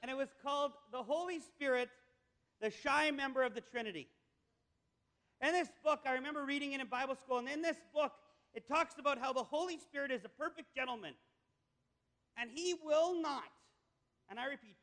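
Emphatic high-voiced male preacher. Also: brisk, fairly bright tone. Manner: emphatic, storytelling. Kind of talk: sermon. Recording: echoey hall with long reverb.

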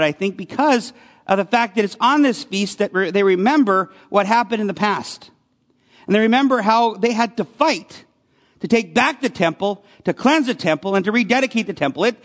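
A man's voice: high-pitched, a bit bright, long reverb tail. A man preaching a conversational sermon as a pastor, often asking his listeners questions. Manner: conversational, asks the congregation questions.

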